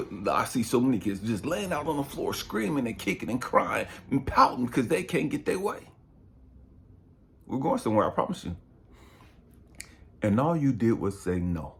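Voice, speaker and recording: A man's voice: medium pitch, very animated, normal speed, creaky, long pauses, fairly bright tone. A middle-aged man, a spiritual coach, preaching in an impassioned, emphatic way and swearing freely. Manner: profane, emphatic, passionate.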